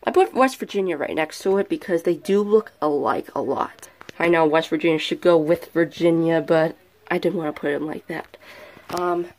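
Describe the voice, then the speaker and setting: A man's voice: fairly high pitch, normal speed. A male vlogger giving a casual show-and-tell from his bedroom, chatty and rambling, often correcting himself mid-sentence. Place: bedroom at home.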